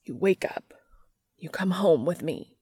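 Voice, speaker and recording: A woman's voice: on the low side, animated, a little slow, warm tone, slightly rough, no echo, studio quality, heavily acted. A woman reading the part of a grieving, stubborn man in a fan fiction story, urgent and strained in tone. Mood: pleading. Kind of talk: fan fiction read aloud.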